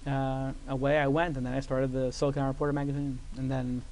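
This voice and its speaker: A man in his forties on a conference stage, telling an animated story and acting out other people's voices. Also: mid-range voice, quick pace. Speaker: guest entrepreneur. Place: conference stage before an audience.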